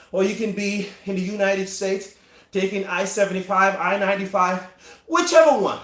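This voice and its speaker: A man coaching in a live-streamed motivational talk, emphatic and repetitive, with dramatic pauses, riding an exercise bike. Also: sits high. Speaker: performance coach. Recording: roomy echo.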